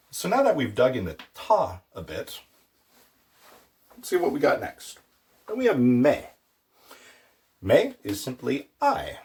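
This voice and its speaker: A man teaching a casual language lesson, playful, with jokey asides and slow repeated words for pronunciation. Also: fairly low pitch.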